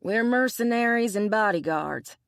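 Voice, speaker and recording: A brash young mercenary bodyguard speaks with easy confidence, a little higher and brighter than the surrounding narration, voiced by a woman reading the audiobook. The sound is dry and close. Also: lively intonation, normal speed, gravelly, no echo. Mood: confident.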